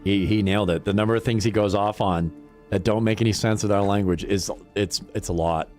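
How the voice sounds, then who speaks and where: A man's voice: fairly low pitch, fairly even intonation, fairly quick, a little mellow, faint music behind. A middle-aged man chatting casually on a livestream, rambling and swearing, laughing often. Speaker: livestream gamer. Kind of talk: casual chat to stream chat.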